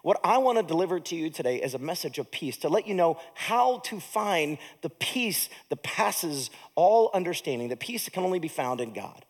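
A man's voice: fairly high pitch, very animated, moderate pace, hardly any pauses. A man pastor giving a sermon in a conversational way, with humorous, self-deprecating asides and a tired edge.

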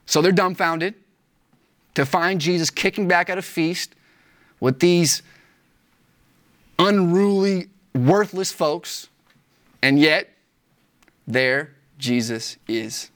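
A pastor preaching a sermon. The delivery is animated and emphatic, with casual slang. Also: mid-range voice, slow, long pauses.

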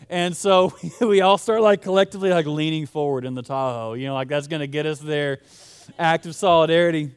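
A man's voice: fairly high pitch, a little fast, clean tone. A young man preaching a sermon in a casual, storytelling way. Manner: casual, storytelling, conversational with fillers. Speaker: pastor.

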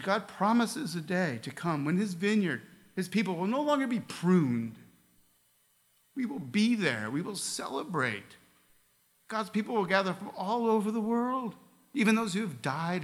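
A man's voice: high-pitched, animated, a little slow. A male pastor preaching a sermon in a church, reading scripture aloud and asking the congregation earnest questions. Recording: long reverb of a large hall.

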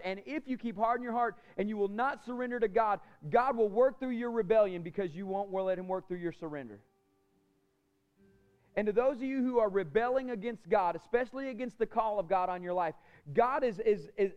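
A man delivers a sermon from the pulpit, his voice sitting high for a man. He presses hard on key lines, then sinks to a near-whisper. The recording is dull and lo-fi, with a muffled top end. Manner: impassioned preaching, swinging from loud emphasis to soft near-whisper. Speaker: pastor.

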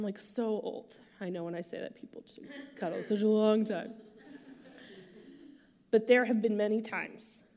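A woman preaching a sermon in a casual, chatty way, using slang and asides. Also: medium pitch. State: emotional, near tears. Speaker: pastor.

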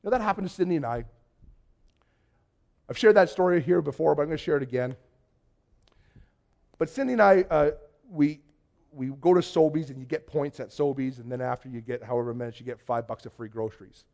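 A man preaching a conversational sermon to his congregation, telling stories in an excitable, chatty way. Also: fairly high pitch, a little fast, gravelly, pauses often. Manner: chatty storytelling, excitable, many restarts. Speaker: pastor. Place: church before a congregation.

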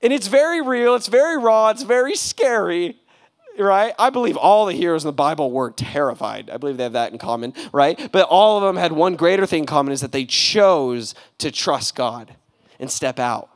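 A young man preaching a casual, animated sermon, full of slang and acted-out quotes. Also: on the high side, normal speed. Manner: animated, casual slang, acts out voices with laughs. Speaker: pastor.

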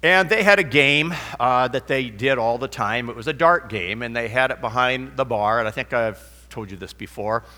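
A man's voice: mid-range voice, normal speed, pushed and bright. Rambling man preaching in a reverberant hall. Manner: rambling, anecdotal, with fillers and restarts. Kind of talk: sermon with a told joke.

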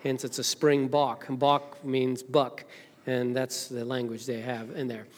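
A woman's voice: rumbling low, little pitch movement, unhurried, a little mellow. A woman from Zimbabwe preaching a casual, chatty sermon as senior minister, with joking asides to the congregation. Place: church sanctuary. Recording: long hall reverb.

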